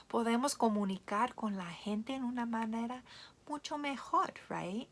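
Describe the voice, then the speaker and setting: A woman teaching young children, switching between English and Spanish in an animated, playful way. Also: a little high, moderate pace. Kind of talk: bilingual read-aloud lesson for children.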